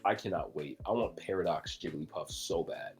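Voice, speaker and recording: Casual chat from a man with a low, husky voice, eager and rambly, a soft bed of music playing faintly behind him. he's a podcast co-host who keeps going on with lots of ums. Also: normal speed. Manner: enthusiastic, rambling with fillers.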